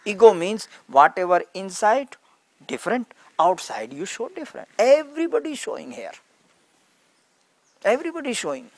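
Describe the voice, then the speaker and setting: A man's voice: sits high, big pitch swings, normal speed, dry recording. A man giving an earnest spiritual talk in simple, broken English, acting out stories as he teaches. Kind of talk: satsang talk with storytelling.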